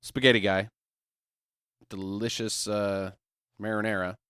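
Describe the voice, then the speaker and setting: A man's voice: on the low side, little pitch movement, measured pace, fairly bright tone. A man hosting a podcast, joking crudely while riffing on a bad movie with friends. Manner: joking, crude, slips into silly voices. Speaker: podcast host.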